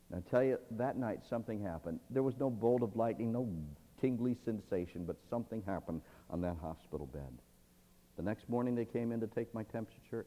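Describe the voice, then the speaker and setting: Man telling testimony in an echoing hall. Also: fairly low pitch. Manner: dramatic storytelling, swinging between loud pleading and hushed tones. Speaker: speaker giving a personal testimony. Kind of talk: testimony sermon. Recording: long hall reverb.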